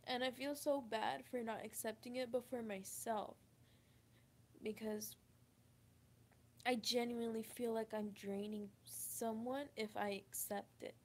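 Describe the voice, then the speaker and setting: A woman telling a personal story to camera, halting and emotional, with many restarts. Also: a little high, fairly even intonation. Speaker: vlogger. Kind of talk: confessional storytime.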